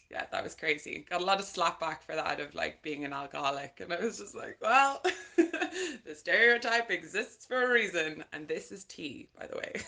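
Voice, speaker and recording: A woman's voice: fairly low pitch, vocal fry. A young Dublin woman with an Irish accent, a guest chatting animatedly on a podcast and laughing often. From Ireland. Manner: animated, laughs often, slips into mimicking voices. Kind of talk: casual chat.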